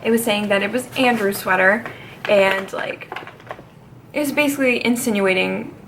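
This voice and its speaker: A woman's voice: mid-range voice, moderate pace, fairly bright tone, slight background noise. A woman in her twenties telling a personal story in a casual, chatty way, swearing freely as she goes. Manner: chatty, swears freely and laughs between lines. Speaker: vlogger.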